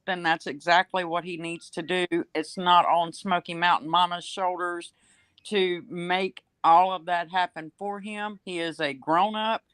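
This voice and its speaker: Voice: medium pitch, fairly bright tone, clear, resonant tone, no room sound. Co-guest, blunt, firm, opinionated, dry mic. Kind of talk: talk-show commentary.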